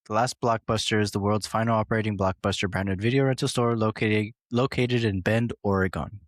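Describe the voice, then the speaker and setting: A man's voice: fairly low pitch, fairly even intonation, fairly quick, no room sound, studio quality. A man co-hosting a casual podcast who reads facts aloud in a matter-of-fact way. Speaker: podcast co-host.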